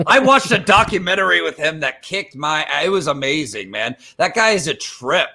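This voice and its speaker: A man co-hosting a casual podcast, telling stories with excited enthusiasm. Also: a little high, normal speed. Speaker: podcast co-host. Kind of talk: casual chat.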